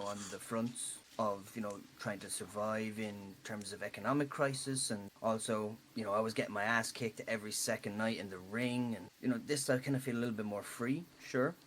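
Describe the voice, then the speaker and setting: A man's voice: fairly low pitch, fast talker, a bit bright, a little hiss or hum, natural voice, rough recording. A man voicing a weary former male prize fighter, speaking in a subdued, understated way. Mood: wry.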